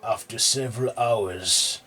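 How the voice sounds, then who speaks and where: A man narrating a horror story in a slow, measured way. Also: medium pitch, pushed and bright, faint music behind. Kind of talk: scripted narration.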